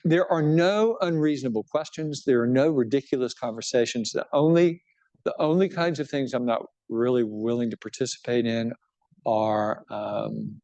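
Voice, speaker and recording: A man's voice: medium pitch, moderate pace, dull audio. A middle-aged man, a bishop, talking casually about his book to an audience, often restarting and checking in with "right?". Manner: conversational, animated, many restarts and "right?" tags. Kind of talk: book talk with audience questions.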